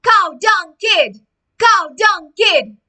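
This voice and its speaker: A woman voicing a crowd of mocking children who chant taunts in a shrill sing-song. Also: expressive, very slow, pushed and bright, exaggerated voice. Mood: taunting.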